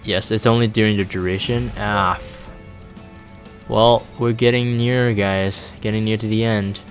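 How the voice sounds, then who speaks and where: A man with a fairly low voice hosts a relaxed live stream, reading viewer messages aloud and musing with lots of ums and restarts. Faint game music plays underneath. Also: measured pace. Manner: reads chat aloud, rambling and laid-back with many fillers. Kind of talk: casual live-stream chat.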